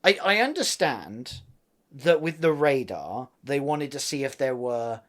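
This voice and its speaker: A man co-hosting a casual recap podcast, talking with an animated, laughing energy. His pitch swings widely from phrase to phrase as he gets worked up. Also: measured pace. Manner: animated, laughing, loud acted-out quotes. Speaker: podcast co-host.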